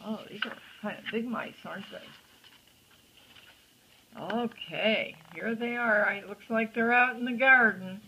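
An older woman reading a picture book aloud to a child, with gentle chatty asides and a husky voice. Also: a little high, measured pace, slight background noise, rough recording. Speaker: storyteller grandmother.

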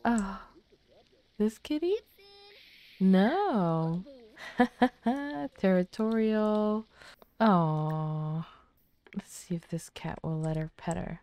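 A woman hosting a game playthrough, giving casual commentary in a soft-spoken way that drifts into whispers. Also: mid-range voice, lively intonation, drawn-out words, pauses often, clean tone. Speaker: let's play host.

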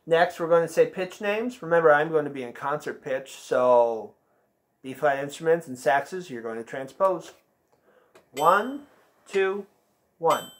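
A man teaching an online band lesson, patiently counting beats aloud and calling out note names. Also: fairly high pitch.

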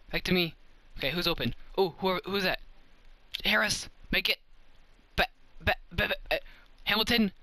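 A man giving excited gameplay commentary, full of playful trash talk and sudden yells. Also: on the high side. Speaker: gamer and commentator.

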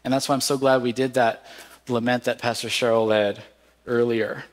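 A male pastor preaches in an earnest, measured way at a middle pitch, rising into cries of lament. His voice rings out with a long reverb, as if filling a church sanctuary. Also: little pitch movement. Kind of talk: sermon.

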